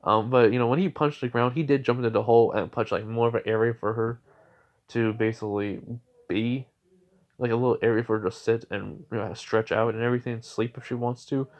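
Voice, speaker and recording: A man's voice: mid-range voice, steady tone, fairly quick, highs cut off. A man casually retelling a made-up fan story, rambling with lots of filler. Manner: rambling, heavy with fillers and restarts.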